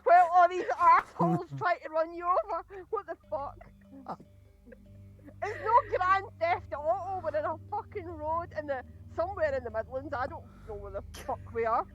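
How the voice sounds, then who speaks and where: A woman ranting and swearing loudly in character during a tabletop role-play game. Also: very high voice, normal speed, highs cut off, faint music behind. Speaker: player.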